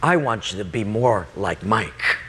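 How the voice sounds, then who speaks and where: The voice of God, deep-set and unhurried, speaking with calm, grave authority, as a preacher acts it out. Each word comes slow and solemn, pitched lower and softer than his storytelling voice, with a faint hiss of noise behind it. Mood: gently rebuking. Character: God, calm grave male voice rebuking gently.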